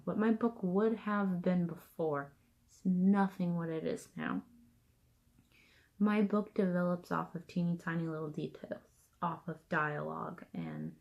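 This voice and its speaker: A woman's voice: on the low side, creaky, a little mellow, highs cut off. A young woman talking casually to the camera about her writing, blunt and profane, with dry jokes. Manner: blunt, profane and joking, with frequent laughs. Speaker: writing vlogger. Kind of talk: casual vlog monologue.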